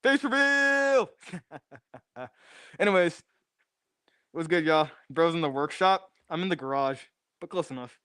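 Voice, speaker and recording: Young male streamer, restless and repetitive; high-ish voice, smooth and clean on a dry close mic. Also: normal speed, a bit bright, dry recording. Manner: restless, repeats phrases while fiddling with gear. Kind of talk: casual livestream chat. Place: home garage. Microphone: new desk microphone.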